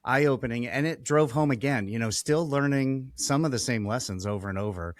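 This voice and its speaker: A man's voice: mid-range voice, fairly quick, no room sound, clean studio sound. A man hosting a podcast interview over a remote call, talking casually, often restarting his sentences and letting them trail off. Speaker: podcast host.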